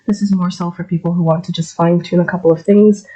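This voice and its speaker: A woman who is a little sick, teaching an English pronunciation lesson and drawing out each word slowly so it can be repeated. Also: on the low side, steady tone, mellow, breathy edge, low-quality recording. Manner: slow, drawn-out modeling of words. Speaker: English accent coach.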